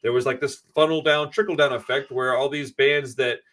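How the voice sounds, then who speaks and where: A man talks quickly in a loose, profane way, spinning long anecdotes for friends on a podcast. His pitch sits in an ordinary middle range. He sounds relaxed and casual and jumps from tangent to tangent. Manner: profane, rambling storyteller.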